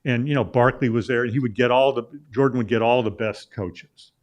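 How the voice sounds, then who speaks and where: A man's voice: mid-range voice, steady tone, a little fast, a little mellow, highs cut off. A middle-aged man from Illinois, a sports journalist guesting on a talk show, telling a long story casually with lots of "uh" fillers and restarts. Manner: rambling anecdote with many "uh" fillers and restarts.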